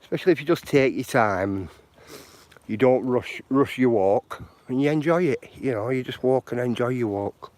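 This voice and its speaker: Out on footpaths during a live walk, a walking vlogger chats in a medium-pitched, slightly mellow voice at a moderate pace. He rambles and sounds encouraging, filling his talk with lots of "you know."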